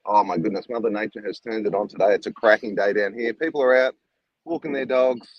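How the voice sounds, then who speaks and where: A man's voice: fairly low pitch, quick pace, lo-fi sound. A man with an Australian accent, a guest chatting cheerfully on a podcast. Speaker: guest belt maker. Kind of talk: casual interview chat.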